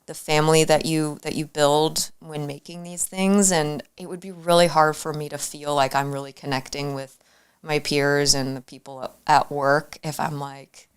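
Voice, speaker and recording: A woman's voice: deep voice, fairly even intonation, clear, resonant tone. A young woman from Arizona, a guest on a talk show, chatting casually with lots of fillers and restarts. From Arizona, USA. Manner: halting, many fillers and restarts. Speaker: guest actor. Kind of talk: casual interview chat.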